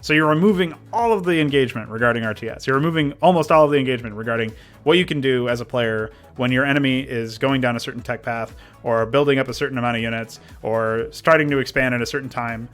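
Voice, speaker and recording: This modding streamer's voice is medium-pitched and a bit bright, and he talks fast with hardly any pauses. He's livestreaming his game mod work, casually discussing design and answering chat while rambling and restarting often, over faint background music.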